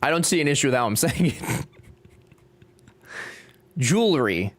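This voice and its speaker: A man's voice: mid-range voice, very animated, a little slow, slight background noise. A young man with a Cajun accent, chatting casually and joking with his live chat while he builds. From Louisiana. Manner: joking, reading chat aloud. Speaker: streamer.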